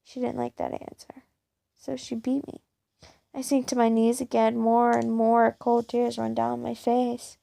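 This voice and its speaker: Woman reading a fan story aloud, first person, gravelly, slow, fairly high, dark tone, dry close sound. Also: monotone, no echo. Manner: plain, unhurried reading. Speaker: reader of fan fiction.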